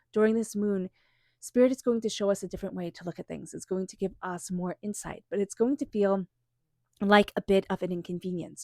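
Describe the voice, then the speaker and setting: A woman giving a tarot reading. She moves from soft, meditative invocations into casual, filler-laden chat. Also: medium pitch, no echo, studio quality. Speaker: tarot reader. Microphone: small microphone.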